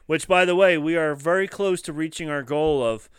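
A man in casual podcast chat, excitable and playful. His voice is smooth and clear, set close to the mic in a dry room. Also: fairly high pitch, normal speed, dry recording. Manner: enthusiastic, jokey, laughs often. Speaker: podcast co-host.

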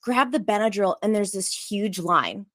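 An animated woman telling a wild story in casual chat, quick and breathless, acting out every line in the tale. Her voice sits at a middle pitch. The sound is dry and close. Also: no room sound. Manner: animated, fast, full of likes, acts out others' lines. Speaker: storyteller guest.

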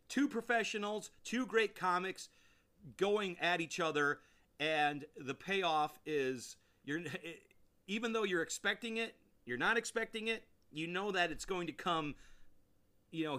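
A man's voice: high voice, normal speed, pushed and bright. A man hosting a podcast, giving an enthusiastic, rambling review and repeating phrases for emphasis. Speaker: podcast host. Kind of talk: casual review monologue.

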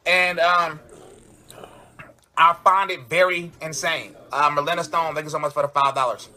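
Man, bright sharp high voice, aggrieved livestream rant. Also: steady tone, moderate pace. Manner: indignant, complaining, thanks donors. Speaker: rapper speaking on a livestream.

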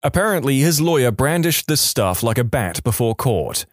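A man's voice: medium pitch, big pitch swings, normal speed, no room sound, clean studio sound. A man narrating online stories as the host of a story channel, with wry asides. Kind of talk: reading reddit stories aloud.

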